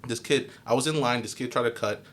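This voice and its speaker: A man's voice: medium pitch, fairly quick, a little hiss or hum. A young man co-hosting a podcast, telling stories in casual chat and acting out the voices of people in them while swearing freely. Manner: animated storyteller, swears freely, acts out voices. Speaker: podcast co-host.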